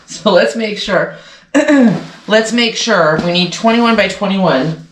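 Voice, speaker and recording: A woman's voice: mid-range voice, slow, slight background noise. A woman hosting a casual sewing vlog, chatting to viewers in a rambling way, often correcting herself, and sounding congested. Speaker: sewing channel host. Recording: echoey room.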